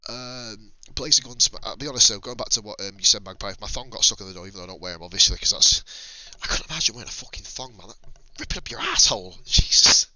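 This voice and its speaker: A man's voice: lowish voice, lively intonation, quick pace, few pauses, bright, forceful tone, low-quality recording. A man in his thirties from North England with a Northern English accent, commentating a sim race on a live stream in a casual, chatty way, swearing and laughing often. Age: 30s.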